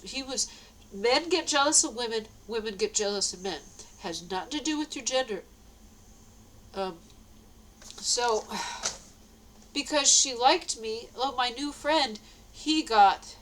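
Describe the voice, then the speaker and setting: Woman vlogger, slightly high voice, casual rambling monologue with repetitions and light laughs, faint hiss. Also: fairly bright tone, low-quality recording. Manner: rambling, repeats herself, laughs between lines.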